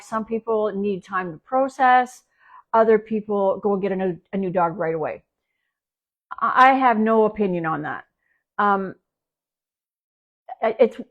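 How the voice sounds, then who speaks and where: A woman's voice: medium pitch, highs cut off. A woman from Canada, a dog trainer, talking casually on a live stream at home, rambling with restarts and fillers. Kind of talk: casual livestream talk. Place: at home with her dog nearby.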